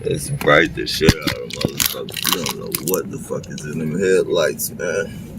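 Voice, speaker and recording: A man's voice: a bass voice, normal speed, heavy background noise. A man live streaming from his car, ranting in a profane, agitated way.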